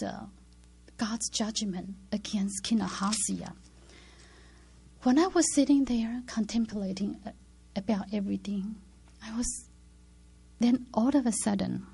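Slow, breathy woman giving earnest testimony. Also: on the high side. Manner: earnest, drops into hushed whispers when reliving moments; acts out her inner dialogue. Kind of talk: personal spiritual testimony.

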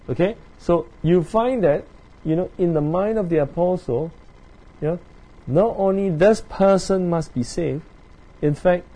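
Halting man teaching a Bible study. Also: a little high, mellow. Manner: halting, many fillers and tag questions; reads scripture aloud then explains.

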